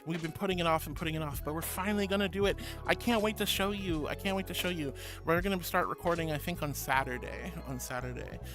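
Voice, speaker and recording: Guy streamer with a high voice, super sweet to chat, calls everyone honey, goofy little noises. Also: fast, few pauses, music in the background. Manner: playful, makes silly noises. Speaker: VTuber streamer. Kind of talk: casual chat reading viewer messages.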